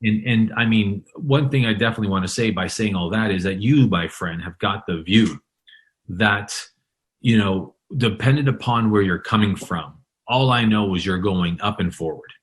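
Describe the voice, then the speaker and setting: A man with a somewhat low voice hosts a conversational interview. He talks in an encouraging, motivational way, repeating words as he builds toward his point. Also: normal speed. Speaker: podcast host.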